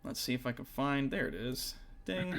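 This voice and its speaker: A man's voice: medium pitch, very animated, moderate pace, gravelly, a bit bright. A man narrating as game master in a casual, rambling way, full of fillers.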